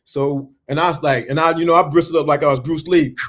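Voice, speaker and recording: A man telling a story in a talk, animated and full of stammering restarts. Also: fairly high pitch, fast. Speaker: speaker.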